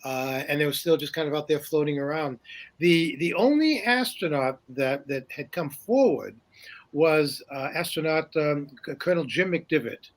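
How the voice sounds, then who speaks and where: Older man telling stories, slightly high voice. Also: animated, moderate pace. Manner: rambling, with many fillers and restarts; chuckles often while telling stories. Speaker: guest, paranormal journalist. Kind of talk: casual interview storytelling.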